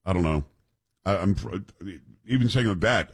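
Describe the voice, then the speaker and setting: A man's voice: sits low, animated, moderate pace, breathy edge. A man hosting a podcast, chatting casually and reading news aloud, joking and tripping over foreign names. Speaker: podcast host.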